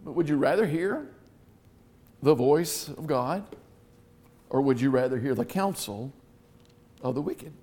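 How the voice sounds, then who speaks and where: A man's voice: fairly high pitch, darkish tone. A man preaching a Bible teaching sermon, earnest, often repeating himself as he reads scripture aloud.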